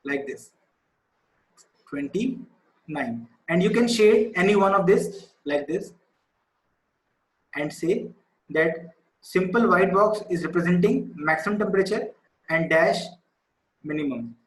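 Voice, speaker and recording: A man's voice: high voice, expressive, takes it slowly, pauses often. A male teacher, patiently explaining a maths lesson to students over a video call. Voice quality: patient, explanatory, repeats key numbers. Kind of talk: online class lesson. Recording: echoey room.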